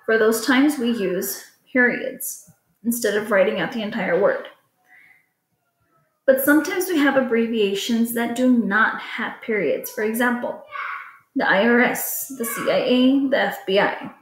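A woman's voice: a little high, unhurried. A woman teacher patiently explaining a lesson to children in a recorded class video. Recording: echoey room.

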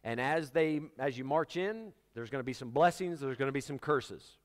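Joking, conversational pastor in a reverberant church. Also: male voice, mid-range voice, animated, normal speed. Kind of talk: sermon. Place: church sanctuary.

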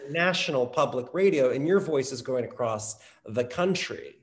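A man's voice: mid-range voice, animated, moderate pace. A man hosting a conversational interview, rambling and correcting himself as he talks. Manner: rambling, self-correcting, laughs easily. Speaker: interview host and theatre teacher.

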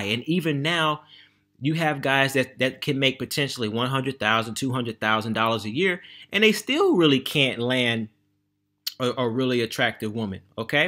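A man's voice: medium pitch, bright, forceful tone. An American man vlogging about travel and money in an emphatic, conversational monologue, often checking in with his listeners. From United States. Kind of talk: casual monologue to camera.

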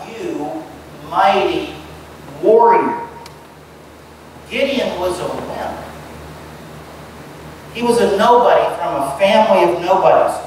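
A male pastor preaching a conversational sermon and putting direct questions to his listeners. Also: high voice. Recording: distant mic in a reverberant room with background noise.

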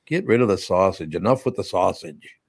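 An older man hosting a radio show, chatting casually about sports and telling animated stories with sudden loud impressions. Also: sits low, a little fast, slightly rough, dry recording, studio quality. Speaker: radio host.

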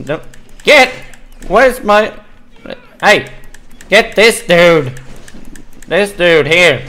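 A man hosting a gaming video, excitably commentating his play with frequent swearing and exclamations. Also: sits high, very slow, long pauses. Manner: excitable, swearing, exclaiming and laughing while playing. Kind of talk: casual let's-play commentary.

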